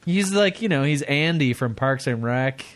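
A man's voice: medium pitch, lively intonation, moderate pace. A man co-hosting a crude comedy podcast, wisecracking and laughing through his lines. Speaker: podcast co-host. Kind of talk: casual crude podcast banter.

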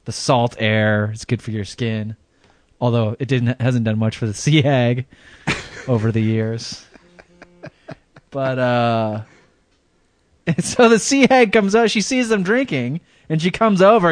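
A man's voice: medium pitch, unhurried, pauses often, no echo. A man co-hosting a podcast in casual chat, rambling through a story and chuckling often. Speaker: podcast co-host.

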